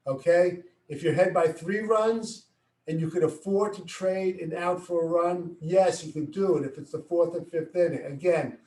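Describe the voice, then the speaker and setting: A middle-aged man coaching baseball, explaining plays step by step and acting out what he yells at players. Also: high voice. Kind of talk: coaching instruction. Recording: echoey room, far from the mic.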